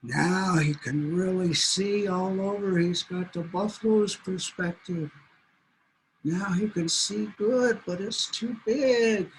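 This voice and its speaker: A man telling a traditional animal story aloud in a slow, deliberate way. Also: high-pitched, slight background noise, rough recording. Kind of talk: oral storytelling.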